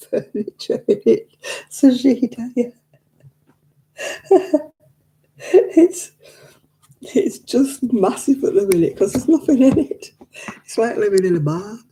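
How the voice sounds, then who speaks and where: A woman's voice: on the high side, very animated, unhurried, pauses often, warm tone. A woman, chatting casually while knitting on a live stream from her living room, rambling and laughing often as she reads viewer comments into a desk mic. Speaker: craft live-stream host. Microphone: desk microphone.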